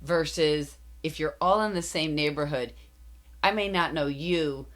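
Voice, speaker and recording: Very low-voiced woman telling family stories. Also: measured pace. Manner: candid storytelling, acts out quoted dialogue. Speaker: podcast guest. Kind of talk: casual interview chat.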